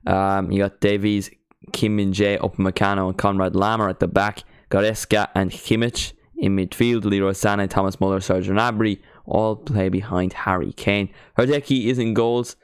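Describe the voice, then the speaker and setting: A man's voice: lowish voice, steady tone, normal speed, few pauses, smooth, no echo, clean studio sound. A teenage man from Ireland with an Irish accent, chatting casually and self-mockingly while hosting a football watchalong stream. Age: teens. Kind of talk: casual live-stream chat.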